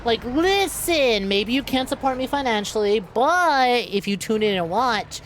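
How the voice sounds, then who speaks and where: A woman's voice: fairly high pitch, lively intonation, a little slow, a little hiss or hum. A young adult woman streaming a game, chatting playfully with her viewers and laughing often. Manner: playful, laughing, talks to chat as y'all. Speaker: VTuber streamer. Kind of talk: casual gameplay streaming chat.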